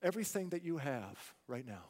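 A man preaching in a church, his fairly high voice rolling out with a long reverb tail. He asks the congregation pointed questions and acts out the complaints of fearful people. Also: big pitch swings, brisk, darkish tone. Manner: rhetorical questions, dramatic quoted complaints. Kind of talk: sermon.

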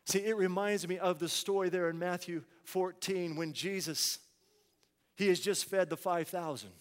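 Guy preaching a sermon, kinda high voice, lots of hall echo, throws questions at the crowd. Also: moderate pace. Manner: rhetorical questions, dramatic quoted complaints.

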